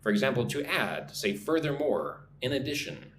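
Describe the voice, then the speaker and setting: A man's voice: mid-range voice, big pitch swings, moderate pace, a bit bright. A man with an American accent teaching a live English lesson, often checking in with "right?" and reading viewer comments aloud. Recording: echoey room, faint background noise.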